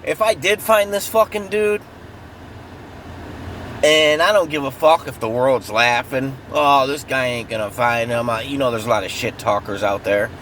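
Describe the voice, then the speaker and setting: A man's voice: medium pitch, moderate pace, fairly bright tone, a little hiss or hum. Profane, heated man ranting. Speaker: vlogger. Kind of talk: angry true-crime rant.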